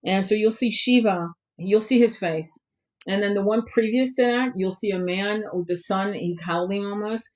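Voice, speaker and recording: A woman hosting a spiritual live stream, guiding a soft, slow meditation and then chatting loosely with many fillers. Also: medium pitch. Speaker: spiritual tarot channel host.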